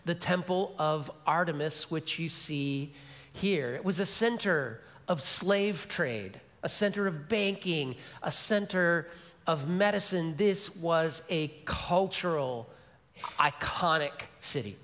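A middle-aged male pastor preaching a sermon, telling stories and dropping to a soft, low voice for emphasis, with repeated key phrases. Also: takes it slowly. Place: large church sanctuary. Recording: long church hall reverb.

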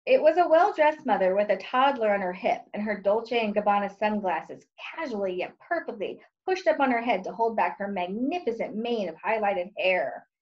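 A woman's voice: medium pitch, animated, moderate pace, hardly any pauses, lo-fi sound. Sarcastic woman reading her own book. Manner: sarcastic, wry and exasperated. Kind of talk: audiobook-style reading.

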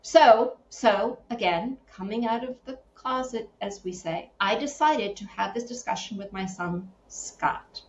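A middle-aged woman from Connecticut, a podcast guest, telling stories in a lively, animated way, acting out quoted voices and laughing often. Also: mid-range voice, a little slow, few pauses. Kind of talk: casual interview storytelling. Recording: roomy, slightly dull sound, faint background hum.

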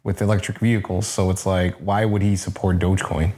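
A man's voice: low voice, level tone, brisk, dark tone. A man co-hosting a podcast in casual chat, blunt, opinionated and profane. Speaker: podcast co-host.

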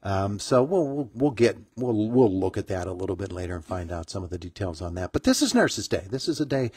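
A middle-aged man hosting a morning radio interview, talking in a halting way full of fillers and restarts. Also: lowish voice, big pitch swings, a little mellow, slightly rough, no echo, clean studio sound. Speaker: radio morning show host.

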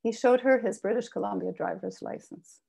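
A woman author reading a personal memoir aloud with expressive delivery. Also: mid-range voice, moderate pace, gravelly, breathy edge. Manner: expressive reading, raises voice for quoted shouts. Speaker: author reading her work.

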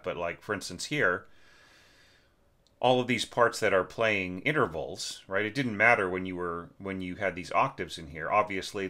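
A man teaching orchestration, talking through a student's score in a casual, conversational way with lots of fillers, while congested and clearing his throat. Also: deep voice, sharp tone. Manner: conversational, many fillers and tag questions. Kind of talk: casual spoken score critique.

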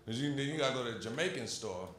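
A man's voice: medium pitch, lively intonation, rapid-fire, very noisy. A young male stand-up comedian with a Brooklyn accent, telling a brash, profane story on a club stage. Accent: Brooklyn New York. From Brooklyn, New York. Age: young adult. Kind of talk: stand-up routine. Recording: roomy club with loud crowd laughter.

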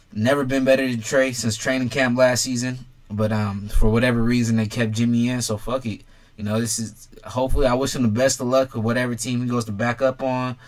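A young man runs a casual sports vlog with a voice of ordinary, middle pitch. He talks bluntly and swears freely, calling out fans directly as he gives his rankings. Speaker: sports commentator ranking quarterbacks.

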